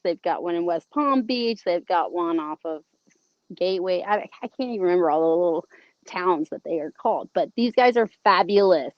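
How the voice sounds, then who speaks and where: Speaking with a Southern American accent, a woman hosts a casual livestream, bubbly and chatty as she greets viewers and reads out their comments. Her voice is mid-range, and the muffled recording has no room sound.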